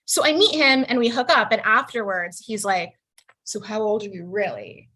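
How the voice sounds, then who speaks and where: Doing stand-up over a video call, this woman in her thirties has a mid-range voice and a moderate pace. She's lively, jumping into over-the-top impressions of quoted voices with wide swings.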